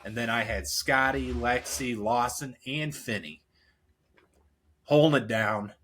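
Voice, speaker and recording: A man co-hosting a casual podcast, telling profane, animated stories and griping about bad weather. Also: medium pitch, slow pace, a little hiss or hum. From central Illinois. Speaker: podcast co-host.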